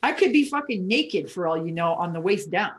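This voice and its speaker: A woman's voice: fairly low pitch, lively intonation, a little fast. A middle-aged woman from Canada, a business coach giving a blunt, profane, emphatic motivational talk on a live stream from her home office.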